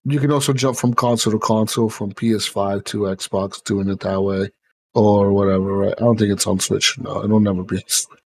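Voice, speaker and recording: A man's voice: fairly low pitch, steady tone, brisk. Guy hosting a gaming podcast, rambly, lots of uh and like, swears a bit. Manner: rambling, swears, many fillers. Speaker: podcast host. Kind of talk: casual chat.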